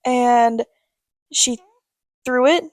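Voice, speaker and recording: Woman podcast co-host, playful storyteller, a bit high, dry close sound. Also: very slow, no room sound. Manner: laughing storyteller, chatty and playful. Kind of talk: casual chat.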